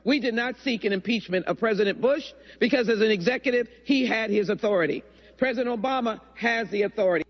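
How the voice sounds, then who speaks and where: A woman delivers a measured, declamatory speech in a large legislative chamber. Her voice sits high. The clip is dull and lo-fi, with a long reverb trailing after her words. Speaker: congresswoman speaking on the floor. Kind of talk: formal floor speech.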